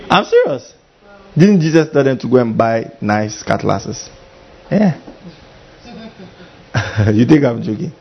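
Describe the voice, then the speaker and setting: A man preaching a sermon as pastor, animated and full of mimicry, with a husky voice. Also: medium pitch, slow pace, pauses often, highs cut off.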